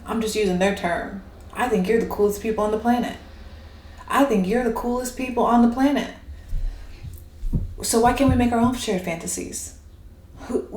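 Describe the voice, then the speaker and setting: A woman tarot reader talking in an animated, rambling way and laughing often. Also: a little high. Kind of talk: casual spiritual monologue. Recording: echoey room with faint noise.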